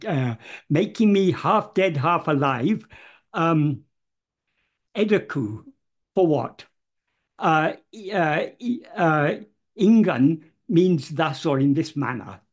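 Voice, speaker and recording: A man talks through the meaning of a devotional verse at an unhurried, slow pace. He is measured and careful, stopping often on hesitant fillers and restarting his phrases as he explains each word. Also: a little high, lively intonation. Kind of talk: unscripted explanatory talk.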